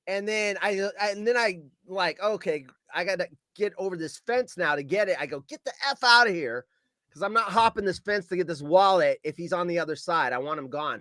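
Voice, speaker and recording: A man calling in to a show and telling a story with animated delivery, shouting out his quoted lines and swearing along the way. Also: high voice, dry recording.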